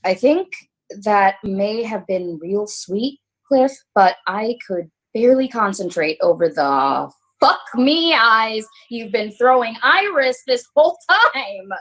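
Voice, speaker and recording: An actress playing a foul-mouthed, scornful young actress who sneers and throws profane insults in a scripted video-call comedy. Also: female voice, a little high, lively intonation, slow pace, a bit bright, exaggerated voice, rough recording. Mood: sneering.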